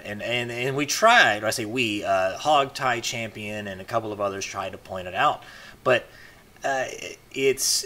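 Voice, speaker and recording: A man's voice: medium pitch, pushed and bright. A man talking to camera in a casual monologue, rambling with many fillers and restarts. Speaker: video blogger.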